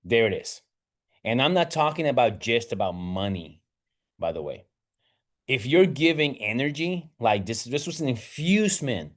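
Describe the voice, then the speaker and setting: A man's voice: mid-range voice, expressive, unhurried. A man hosting a casual talk, retelling a parable in a rambling way with many restarts. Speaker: host.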